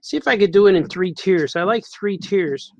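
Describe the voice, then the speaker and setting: A man's voice: high voice, normal speed, no echo, soft background music, poor audio. A man, a cartoonist, chatting casually on a live stream while he draws, repeating himself as he works.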